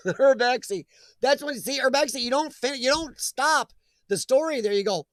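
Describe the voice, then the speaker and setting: A man's voice: extremely high pitch, expressive, normal speed, dry recording. A man hosting a live chat stream, chatting casually and jokingly with viewers and reading their comments aloud, laughing often.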